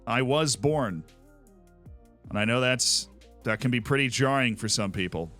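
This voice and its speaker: Unhurried and expressive, a medium-pitched, somewhat bright male voice offers casual commentary while streaming a sports management game, with faint music in the background. The Tampa, Florida man is wry and chatty and talks to his chat.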